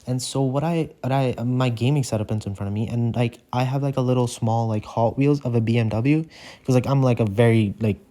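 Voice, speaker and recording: A man's voice: medium pitch, a little fast, mellow. A man telling a casual story over gameplay, rambling with lots of "like" fillers and casual swearing. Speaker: gaming channel storyteller.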